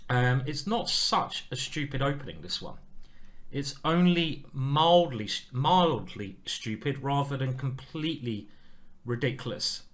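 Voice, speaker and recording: Bright, playful chess-streaming man. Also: mid-range voice. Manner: playful, self-mocking, excitable running commentary. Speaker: chess streamer playing a blitz match. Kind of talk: live game commentary.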